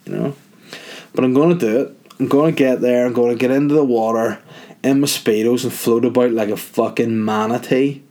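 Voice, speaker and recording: A man's voice: medium pitch, fairly even intonation, brisk, a little mellow. A middle-aged man, hosting a podcast in a crude, rambling, self-mocking comic monologue. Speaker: podcast host. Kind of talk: casual comedic monologue.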